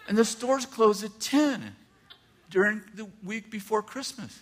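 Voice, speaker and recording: An older man preaching a sermon, telling a personal story with animated swings from hushed asides to near shouts. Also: high voice, unhurried. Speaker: pastor.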